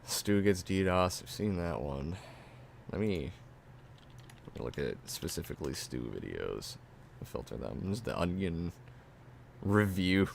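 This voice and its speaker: A fairly low-voiced man chatting casually on a stream, swearing freely as he reacts to videos and answers chat. His talk is loose and offhand. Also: very animated, unhurried, vocal fry, pauses often, a little hiss or hum. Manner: profane, reacting and laughing at a video.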